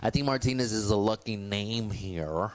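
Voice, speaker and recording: A man's voice: lowish voice, normal speed, a crowd in the background. A man commentating a live surf contest, joking and teasing his co-host between heats. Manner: playful, teasing banter.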